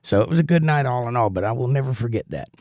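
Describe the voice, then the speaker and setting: A man's voice: mid-range voice, expressive, quick pace, a little mellow, dry recording, studio quality. A man from Georgia hosting a livestream, reading viewer comments aloud and telling jokey stories in a folksy way. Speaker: livestream host reading chat. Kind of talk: casual chat.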